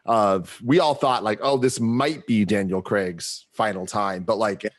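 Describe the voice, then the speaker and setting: A man's voice: lowish voice, unhurried. A man co-hosting a podcast, chatting casually and rambling with many fillers. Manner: rambling with many likes and restarts. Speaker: podcast co-host. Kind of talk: casual chat.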